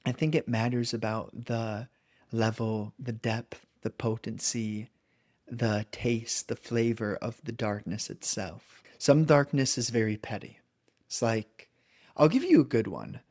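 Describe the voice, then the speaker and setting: A young adult man talks as a coach, working through his ideas in an earnest, loose monologue at an ordinary pitch. He keeps checking in with the listener with little "right?" and "okay?" asides. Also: measured pace, darkish tone. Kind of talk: reflective monologue.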